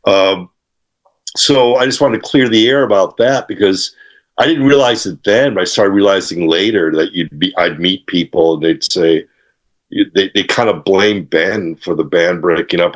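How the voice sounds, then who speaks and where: Gently low-pitched older man telling stories. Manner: rambling, halting, with many fillers and restarts; acts out quotes and laughs while telling stories. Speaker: interview guest, guitarist and author. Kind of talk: casual interview storytelling.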